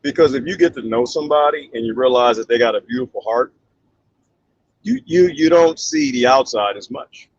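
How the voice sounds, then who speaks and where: A man's voice: medium pitch, normal speed, lo-fi sound, slight background noise. A middle-aged man casually chatting while reading viewer comments, laughing often and acting out quotes. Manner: animated, laughs often, mimics voices in quotes. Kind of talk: casual live comment chat.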